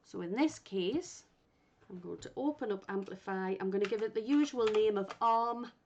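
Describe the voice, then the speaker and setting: A woman teaching a software session at an unhurried, patient pace, explaining each step and thinking aloud as she clicks through. Her voice sits at an ordinary middle pitch. The recording is a little muffled and lo-fi. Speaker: instructor.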